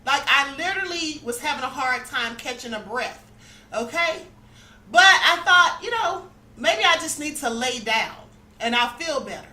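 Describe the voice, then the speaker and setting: Woman, high voice, earnest spiritual storytelling, echoey room. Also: lively intonation, normal speed, bright, forceful tone. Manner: earnest storytelling, often checking in with listeners. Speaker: host of a spirituality channel. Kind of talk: personal spiritual testimony to viewers.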